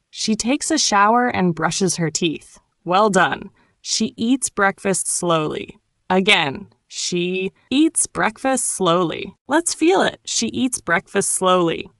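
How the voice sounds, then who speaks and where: A woman teaching an English lesson, narrating a simple story and gently coaching learners to repeat words, with warm encouragement. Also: medium pitch, no echo, clean studio sound. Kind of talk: slow ESL lesson narration.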